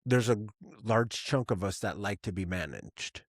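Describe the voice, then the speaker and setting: A man hosts a casual podcast chat, laid-back and quick to laugh, often restarting his sentences. He speaks slowly at a mid pitch that moves around a lot. The recording is dry and close. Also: animated, no room sound. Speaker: podcast host.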